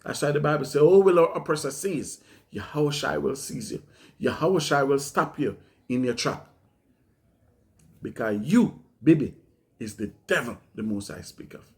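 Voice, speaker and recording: A man's voice: fairly high pitch, animated, normal speed, creaky, darkish tone. A man preaching in a fiery, accusing, repetitive way to his congregation. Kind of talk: impassioned sermon-style commentary.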